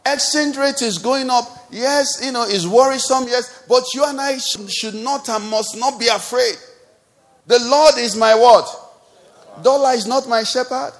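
A man's voice: very high-pitched, measured pace. A man with a Nigerian accent preaching a sermon as pastor, building up with repeated refrains. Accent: Nigerian English. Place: church service.

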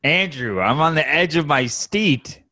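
Playful man with a lively, unhurried voice. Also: fairly high pitch. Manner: playful, teasing, laughs often. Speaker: podcast co-host. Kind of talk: casual chat, reacting.

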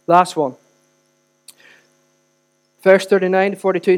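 A man preaching a sermon in a church, speaking in a conversational way with direct questions to the congregation, swinging between loud and hushed. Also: a little high, unhurried, long pauses. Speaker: pastor.

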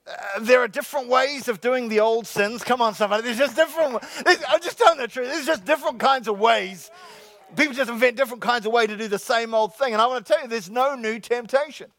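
A man preaching a sermon to his congregation, joking with the crowd and slowly repeating his key lines. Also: very high voice, a bit bright, no room sound. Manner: jokey, repeats key lines slowly, calls out "come on, somebody". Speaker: pastor. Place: church sanctuary with congregation.

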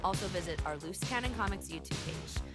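A woman's voice: on the low side, lively intonation, fairly quick. A woman reading a podcast intro as announcer in a teasing manner. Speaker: show announcer. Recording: voice over loud music. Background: loud music.

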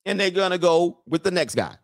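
A man hosting a livestream, ranting to his viewers in a casual, animated way and laughing often. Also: sits high, fairly quick, creaky, no room sound, clean studio sound. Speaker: livestream host.

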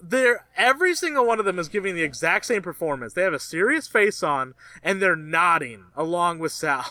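A man co-hosting a podcast, excitable and laughing in casual chat. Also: sits high, fairly quick, no room sound. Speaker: podcast co-host.

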